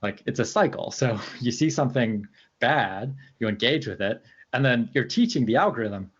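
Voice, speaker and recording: A man's voice: medium pitch, lively intonation, moderate pace, husky, highs cut off. A man being interviewed as a researcher, talking casually and hesitantly, with lots of fillers and restarts. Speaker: researcher guest.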